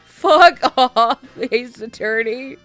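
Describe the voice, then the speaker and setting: Animated swearing woman streamer. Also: fairly high pitch, extremely slow, dry recording, faint music behind. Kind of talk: casual game commentary.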